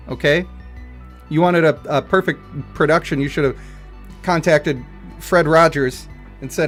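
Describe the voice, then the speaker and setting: Man, game streamer, rambling casual chat, fairly high voice, faint music behind. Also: brisk. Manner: rambling, chatty, laughs often, breaks into loud bursts.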